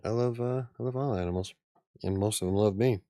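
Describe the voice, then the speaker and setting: A man's voice: lowish voice, brisk, dark tone, dry recording, clean studio sound. A man in his forties hosting a casual live stream, rambling and chuckling often. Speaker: channel host.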